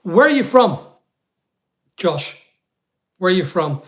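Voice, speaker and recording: A man's voice: high voice, very animated, slow, fairly bright tone. A Northern Irish man hosting a live chat for online sellers. He rambles casually and talks straight to viewers by name as he answers their questions. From Northern Ireland.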